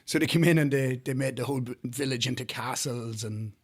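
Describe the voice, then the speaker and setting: A man's voice: medium pitch, a little fast, breathy edge. An Irish man co-hosting a podcast, chatting casually and telling stories with energy. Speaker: podcast co-host. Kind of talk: casual chat.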